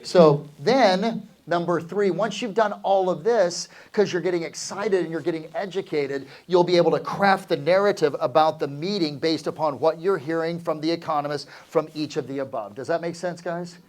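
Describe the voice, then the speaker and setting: Energetic male seminar coach. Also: fairly high pitch, normal speed, few pauses. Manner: energetic, asks the crowd questions, calls for answers. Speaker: real estate sales coach. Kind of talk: live seminar talk to an audience.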